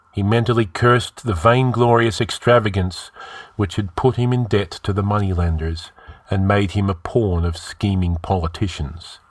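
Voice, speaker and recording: A man reading a heroic fantasy story aloud in a measured, dramatic style. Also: on the low side, no echo. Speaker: story narrator.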